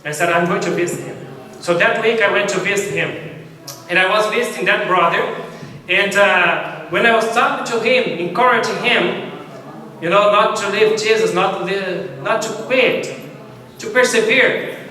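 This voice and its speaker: Male preacher, high-pitched, earnest storytelling, distant mic in a reverberant sanctuary. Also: moderate pace, bright, forceful tone. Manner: earnest storytelling, repeats and restarts phrases. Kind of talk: sermon. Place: church sanctuary. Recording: echoey church hall from far off.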